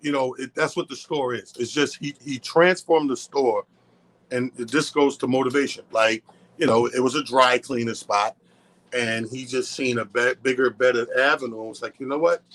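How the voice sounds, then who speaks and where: A man's voice: medium pitch, fairly even intonation, moderate pace, fairly bright tone. A man, a comic co-hosting a radio show, chatting loosely and swearing casually. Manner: loose, profane, conversational.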